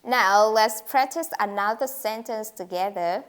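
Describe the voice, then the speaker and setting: A woman's voice: mid-range voice, a little slow, fairly bright tone. A woman teaching an English pronunciation lesson, speaking carefully and modeling intonation with example sentences.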